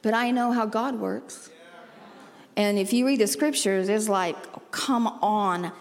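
A woman pastor giving a sermon, animated, playful and emphatic, with sudden jumps in pitch and loudness. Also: unhurried, vocal fry, big-room sound. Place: church auditorium.

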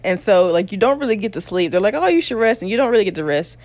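A woman's voice: mid-range voice, lively intonation, racing, darkish tone, no echo. A young adult woman casually telling her birth story, candid and blunt, with crude humor and frequent laughs.

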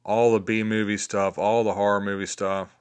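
A man with a very low voice chats casually, ranking his favorites in a loose, rambling way. He is in his fifties and often restarts his sentences and fills pauses with ums. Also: little pitch movement, smooth. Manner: rambling, low-key, many fillers and restarts. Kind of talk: casual spoken list of favorites.

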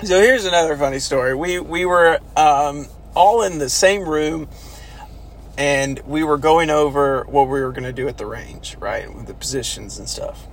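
A man casually telling stories from basic training, animated and swearing, now and then shouting out quoted orders. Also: on the high side, normal speed, slight background noise. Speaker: former army recruit telling stories. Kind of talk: casual storytelling chat.

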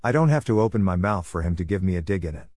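A man's voice: deep voice, expressive, rapid-fire, a little mellow, no echo, studio quality. A man reading a bitter, battered mother. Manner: bitter, accusing. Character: fed-up battered mother, adult woman.

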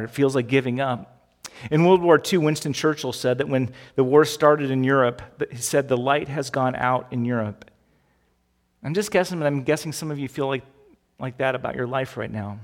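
Pastor, male, mid-pitched, delivering an animated, conversational sermon. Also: a little fast, big-room sound. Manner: conversational, animated preaching with rhetorical questions.

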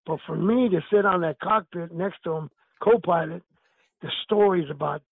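A man's voice: high voice, normal speed, creaky, no room sound. An older man, a retired wrestler, telling stories in a casual chat over the phone. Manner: storytelling, animated. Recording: tinny phone line.

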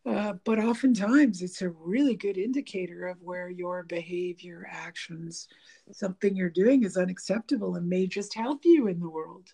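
Gravelly, mellow-voiced woman chatting casually. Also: lowish voice, normal speed. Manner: rambling, with frequent fillers and restarts; animated, laughing, mimics dialogue. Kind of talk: casual conversation about relationships.

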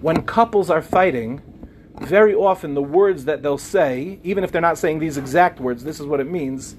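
High-voiced man telling a relationship story. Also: normal speed, slight background noise. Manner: storytelling, acts out quoted dialogue in softer voices. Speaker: speaker on relationships. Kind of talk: talk to a live audience.

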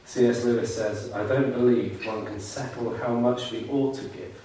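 A man's voice: medium pitch, steady tone, moderate pace, warm tone, slight background noise. A man preaching a sermon with earnest fervour, now and then mimicking grumbling churchgoers in a put-on voice. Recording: very echoey hall, mic far off.

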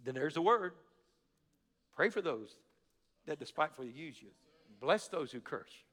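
Man, pastor, high voice, impassioned sermon, swings from shouting to quiet confiding. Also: animated, moderate pace. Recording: echoey church hall.

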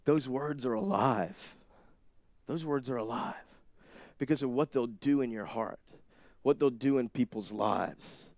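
A young man preaching a sermon, moving from quiet asides to loud, emphatic bursts. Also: medium pitch, measured pace, long pauses, no echo. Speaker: pastor.

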